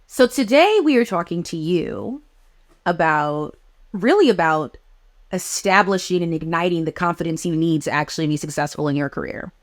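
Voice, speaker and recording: A woman with a fairly low voice hosts a relaxed interview chat. She talks in a playful, emphatic way, leaning on her points as she sets up questions for her guest. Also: normal speed. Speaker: podcast host.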